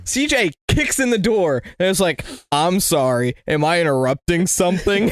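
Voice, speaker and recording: A man's voice: high-pitched, normal speed, few pauses, no room sound, studio quality. A man co-hosting a casual podcast, telling a rowdy party story among friends with lots of swearing and laughter. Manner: animated, swearing, laughing through stories. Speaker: podcast co-host.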